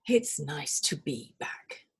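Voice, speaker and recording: A woman voicing a gentle, sleepy old male toy teddy bear in a storybook reading, speaking slowly and kindly. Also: big pitch swings, vocal fry, husky, exaggerated voice. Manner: slow, low and kindly.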